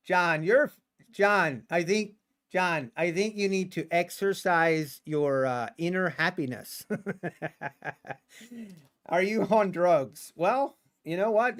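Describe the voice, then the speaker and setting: A man livestreams his day trading, chatting casually and talking back to the market with playful sarcasm and lots of laughter. His voice sits high and a bit bright, and he takes things slowly with long pauses.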